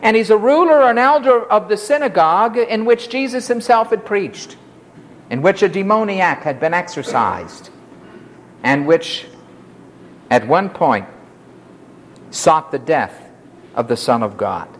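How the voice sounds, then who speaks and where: A man's voice: sits high, lively intonation, a little slow, pauses often, a little hiss or hum. A man preaching an expository sermon, telling the story expressively and acting out the quotes.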